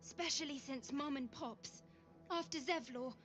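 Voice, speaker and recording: A woman's voice: high-pitched, moderate pace, fairly bright tone, faint music behind. A woman voicing an earnest, hopeful orphaned young girl in a video game, with folksy, rustic speech. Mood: pleading. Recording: dull game audio capture.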